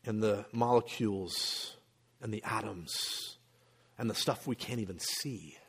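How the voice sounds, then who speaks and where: A male pastor preaching a sermon, emphatic, with rhetorical questions and frequent throat clearing. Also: on the low side, measured pace.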